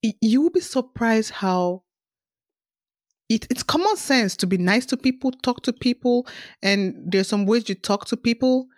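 A woman's voice: fairly high pitch, lively intonation, measured pace, a little mellow, no room sound, clean studio sound. A woman hosting a casual podcast chat, talking animatedly and acting out cheerful customer-service messages. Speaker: podcast host.

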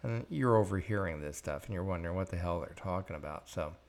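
A deep-voiced older man with vocal fry talks fast as he hosts a podcast. In a storytelling monologue, he recounts tales from his working life bluntly and profanely, acting out the dialogue.

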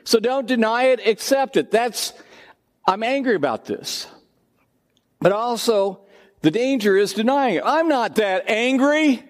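An older man preaches from the pulpit, his voice sitting notably high for a man. He talks to the congregation in a conversational, animated way, slipping into personal asides. The sound carries a long reverb, as in a large church hall. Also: a little slow, long pauses. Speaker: pastor. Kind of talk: sermon.

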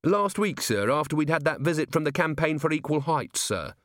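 An earnest, polite young watchman who calls everyone sir, played by a man reading aloud. The voice is pushed noticeably higher than the reader's own, eager and bright in manner. The recording is close and dry. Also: animated, fairly quick, no room sound, close to an everyday voice.

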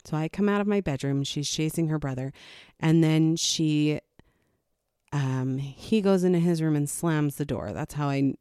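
A woman's voice: deep voice, measured pace, dark tone, clear, resonant tone, no room sound, clean studio sound. A woman, a parent, telling a casual story about her child, candid and laughing lightly now and then.

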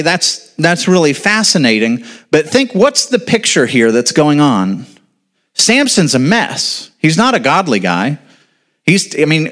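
A pastor, male, with a fairly high and slightly bright voice, gives a sermon to his congregation in a laid-back way. He throws questions at the listeners, answers them himself, and adds casual asides.

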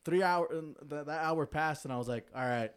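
A man's voice: fairly high pitch, brisk, smooth. A young man in casual chat, telling a story with easy slang and frequent swearing. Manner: laid-back slangy storytelling, swears often. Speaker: friend in a group chat.

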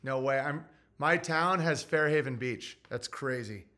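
A man streaming casually, profane and excitable, laughing often as he reacts to his chat. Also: mid-range voice, a little slow. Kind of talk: casual stream chat, reading viewer messages.

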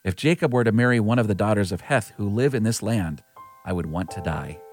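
A man's voice: lowish voice, a little fast, soft background music, lightly acted. A man voicing a worried mother urging her son to flee, in an earnest scripture reading. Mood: urgent. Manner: earnest, lightly voiced reading.

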